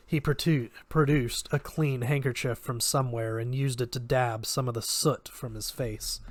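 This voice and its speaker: A man reading a fantasy novel aloud in a steady narrating voice, now and then stopping to correct himself. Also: mid-range voice, moderate pace, few pauses. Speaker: reader of a novel.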